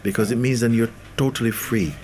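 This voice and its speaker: A man's voice: mid-range voice, steady tone, a little fast, a little mellow, a little hiss or hum. A man giving a spiritual talk to an audience, laughing often and acting out the voices of the people he quotes. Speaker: spiritual teacher.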